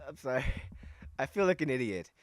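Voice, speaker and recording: A man's voice: mid-range voice, big pitch swings, fairly quick, dry recording, clean studio sound. A man reading a visual novel aloud and commenting as he plays, self-mocking and often restarting lines. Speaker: let's play host. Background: game music.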